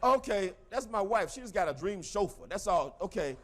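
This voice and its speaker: A man in his forties with a Southern US accent, giving a motivational seminar talk in an emphatic, repetitive way with bursts of shouting. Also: sits high, animated, moderate pace, a little hiss or hum. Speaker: seminar speaker.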